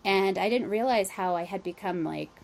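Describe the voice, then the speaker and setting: A woman's voice: mid-range voice, normal speed, gravelly. A woman hosting an interview, speaking reflectively and feeling her way through her words with frequent restarts. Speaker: podcast host. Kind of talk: casual interview conversation.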